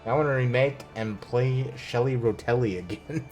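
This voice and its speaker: A male game streamer talking casually over play, relaxed and loose, with offhand profane asides. Quiet music plays under him. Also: mid-range voice, moderate pace. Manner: laid-back, profane asides. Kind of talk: casual gameplay commentary.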